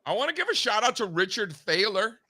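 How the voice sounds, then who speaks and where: A man's voice: sits high, big pitch swings, pushed and bright. A man hosting a casual market show, joking with his co-hosts and then reading off futures prices at speed. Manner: fast, joking banter with market quotes. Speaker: show host.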